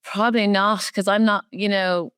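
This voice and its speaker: An Irish woman guest tells animated stories, laughing often, in a smooth, resonant voice. The sound is close and dry. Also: mid-range voice, normal speed, dry recording. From Ireland. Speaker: podcast guest, activist. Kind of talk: casual conversational interview.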